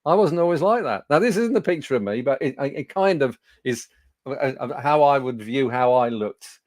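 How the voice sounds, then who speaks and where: A man's voice: medium pitch, lively intonation, normal speed, darkish tone, no room sound. A man in his sixties with a Birmingham accent, a speaking coach telling anecdotes to a studio audience with fillers and self-deprecating humour. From Birmingham, England. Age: 60s.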